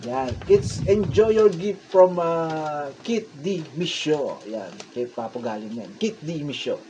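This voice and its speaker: Excitable Filipino woman vlogger. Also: sits low, measured pace, a little hiss or hum. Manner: excitable, gushing, mixes English and Tagalog. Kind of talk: casual unboxing commentary.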